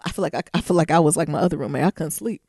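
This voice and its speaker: A young adult woman co-hosting a podcast, telling profane stories in a casual, animated way and acting out quotes. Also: deep voice, racing, husky, no room sound, studio quality. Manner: laughs often while talking. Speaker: podcast co-host. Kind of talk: casual storytelling chat.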